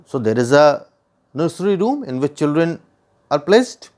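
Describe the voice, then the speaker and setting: A man's voice: a little high, very animated, moderate pace, darkish tone. A man with an Indian English accent, teaching a poem line by line, repeating and rephrasing his points and putting questions to the listener.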